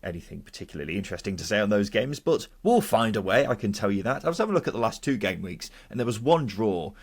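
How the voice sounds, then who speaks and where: A man's voice: on the low side, lively intonation, fast. A man from England hosting a casual football podcast, upbeat and jokey as he leads the chat and reads out listener comments. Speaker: podcast host.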